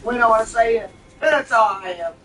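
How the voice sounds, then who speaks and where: A woman's voice: on the high side, moderate pace, a bit bright, distant mic, rough recording. A woman in her thirties with a Southern US twang, chatting casually and bluntly while playing a game, laughing often. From southern United States. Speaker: gaming streamer.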